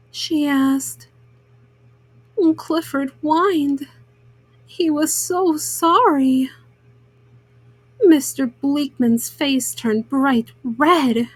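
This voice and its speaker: Slow gentle woman storyteller. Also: sits high, no echo. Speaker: children's story reader. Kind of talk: reading a picture book aloud.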